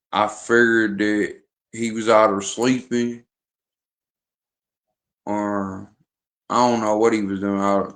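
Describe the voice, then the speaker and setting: Man, casual vlog chat, rambling, hesitant, slow drawn-out delivery. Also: lowish voice, fairly bright tone. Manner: rambling, hesitant, with frequent restarts. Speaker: vlogger.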